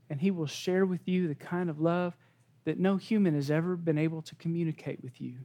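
A man with a notably high voice preaches a sermon. He speaks earnestly and with emphasis, circling back to the same phrases as he addresses his congregation. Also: darkish tone. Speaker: pastor.

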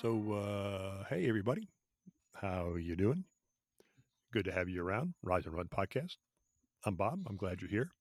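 A man voicing a laid-back 1970s FM disc jockey in a low, hushed, drawn-out delivery. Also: very animated, soft background music. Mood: mellow.

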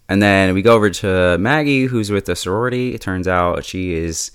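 A man casually recapping and reviewing a TV episode in a relaxed, chatty way, laughing often and filling his talk with "like". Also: low-pitched, fairly quick, clear, resonant tone, dry recording, clean studio sound. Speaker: TV show reviewer.

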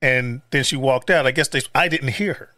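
Male interview host, relaxed, meandering, close dry mic. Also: medium pitch, moderate pace, dry recording. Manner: easygoing, thinks aloud with fillers. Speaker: podcast host. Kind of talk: casual interview.

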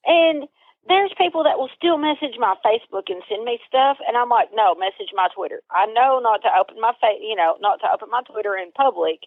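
A woman's voice: a little high, lively intonation, a little fast, no room sound. Woman chatting over a tinny phone line. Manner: candid, chatty, laughs often. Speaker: interview guest. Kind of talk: casual phone conversation. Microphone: phone call.

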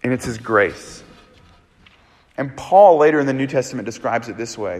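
A man, a pastor, preaching a sermon in a casual, animated way, full of "like" fillers. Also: medium pitch, moderate pace, long pauses, big-room sound, faint music behind.

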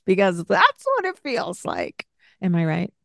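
An older woman hosting a parenting podcast, giving gentle coaching in a soft-spoken way and laughing often. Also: on the low side, wildly swooping pitch, unhurried, gravelly, no room sound, studio quality.

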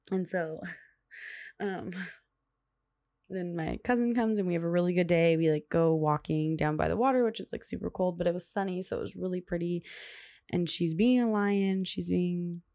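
A woman's voice: fairly low pitch, dark tone, dry recording, clean studio sound. A young woman hosting a casual storytelling podcast who rambles along and fills her sentences with "like". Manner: chatty, rambling, full of "like" fillers. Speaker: podcast host.

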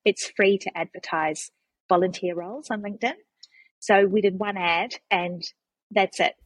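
A woman's voice: medium pitch, steady tone, moderate pace, poor audio. A woman with a New Zealand accent, a guest telling her story in a chatty, conversational way. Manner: chatty storyteller with frequent restarts and laughs. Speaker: guest, charity CEO. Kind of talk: casual conversational interview.

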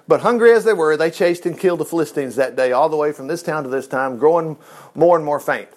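Male Bible teacher, high voice, animated reading with digressive commentary. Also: fast talker.

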